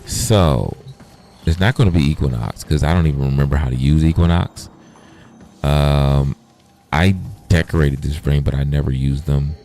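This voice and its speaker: Very deep gravelly man, profane and playful. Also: normal speed, dark tone, soft background music. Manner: profane, playful, chats to viewers. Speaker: gaming streamer. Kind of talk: casual livestream gameplay chat.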